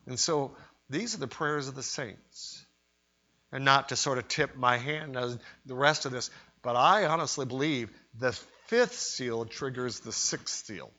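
A man preaching a sermon in an emphatic way, rising to loud cries when he voices quoted pleas. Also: medium pitch, unhurried. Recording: dull lo-fi sermon recording.

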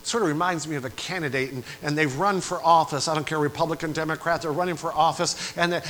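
A man preaching a sermon in a church, swinging between quiet asides and loud rising climaxes, and putting repeated questions to the congregation. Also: on the high side, steady tone, quick pace, few pauses, rough recording.

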